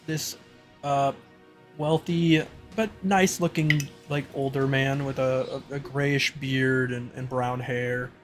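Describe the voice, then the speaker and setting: A man narrating as game master in a casual, halting way with many fillers. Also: mid-range voice, steady tone, soft background music.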